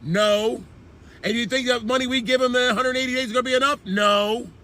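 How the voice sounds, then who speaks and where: A man's voice: extremely high pitch, steady tone, fairly quick, pushed and bright. A man hosting an online commentary channel, delivering a heated, profane political rant.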